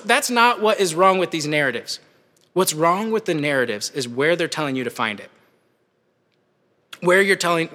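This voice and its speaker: A young man preaching a sermon to college students, conversational and animated, rising to shouts at the peaks. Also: fairly high pitch. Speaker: campus preacher. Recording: long hall reverb.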